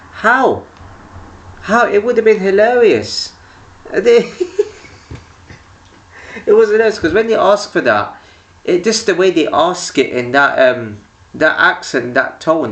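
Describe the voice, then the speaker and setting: Rambling, gravelly young man, mic far off. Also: mid-range voice, a bit bright. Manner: rambling, laughs often mid-story, restarts and trails off. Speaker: vlogger. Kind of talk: casual storytelling monologue. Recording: speaking from a distance from the mic.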